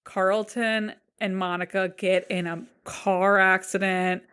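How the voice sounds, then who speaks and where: A woman co-host recaps a reality TV episode in a relaxed conversational tone. Her voice is mid-pitched and her remarks come dry and offhand. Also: takes it slowly, clear, resonant tone. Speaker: podcast co-host. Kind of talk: casual TV recap chat.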